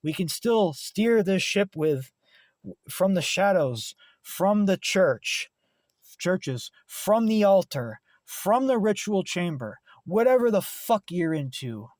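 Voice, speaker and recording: An American man on his channel delivers a fired-up, profanity-laced sermon of a rant, jumping from loud shouts to low, grumbling asides. His voice sits a bit high for a man. The sound is close and dry, with almost no room echo. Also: very animated, takes it slowly. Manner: profane, preachy, swings between shouting and muttering. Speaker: channel host. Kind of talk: impassioned political rant.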